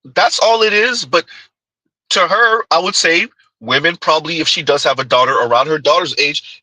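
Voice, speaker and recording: A male commentary host with a sharp, forceful, fairly high voice talks rhetorically and keeps throwing "huh?" at his viewers. The recording is close and dry. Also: normal speed, no room sound, poor audio. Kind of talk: reaction commentary.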